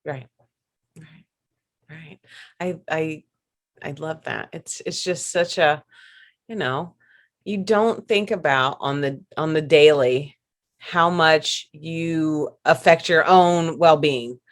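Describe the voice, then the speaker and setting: A woman hosting a casual podcast conversation, chatty and quick to laugh, often restarting and repeating her words. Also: low voice. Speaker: podcast host.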